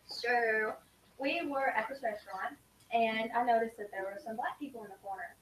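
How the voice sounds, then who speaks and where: Woman telling stories, kinda high voice, roomy echo. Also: moderate pace. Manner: animated, acts out quoted lines. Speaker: student speaker sharing travel stories. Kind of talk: casual storytelling to a group. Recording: echoey room from a distance, faint hiss.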